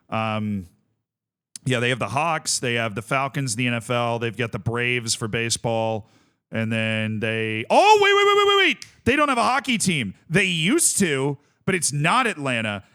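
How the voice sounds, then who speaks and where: A man's voice: medium pitch, pushed and bright, clear, resonant tone. A young man from Tampa streaming a game, chatting casually and thinking aloud as he lists things and corrects himself. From Tampa, Florida. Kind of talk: casual livestream chat.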